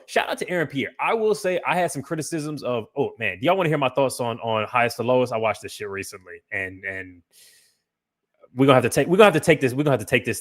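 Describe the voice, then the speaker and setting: A man hosting a livestream podcast, talking casually in a loose, profane, rambling way with frequent restarts. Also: medium pitch. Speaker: podcast host.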